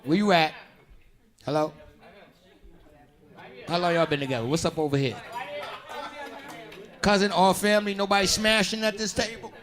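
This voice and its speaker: A man doing stand-up comedy, bantering loudly and profanely with the audience in a club. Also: high voice, steady tone, moderate pace, long pauses, some chatter behind. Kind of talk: stand-up crowd work.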